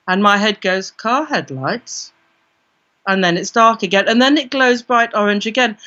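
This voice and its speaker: A woman's voice: fairly high pitch, sharp tone. A British woman, an interview guest, telling a vivid first-person story and acting out her own inner voice. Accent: British English. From Britain. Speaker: guest, parapsychologist. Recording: dull lo-fi recording.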